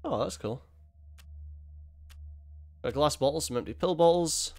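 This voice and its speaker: A man's voice: a little high, expressive, unhurried. A man giving casual let's-play commentary, thinking aloud as he explores the game's menus. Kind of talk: gameplay commentary.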